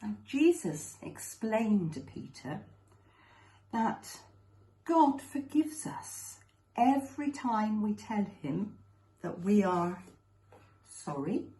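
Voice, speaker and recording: A woman telling a children's story at a school assembly, slow and expressive, recorded with a roomy echo. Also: mid-range voice.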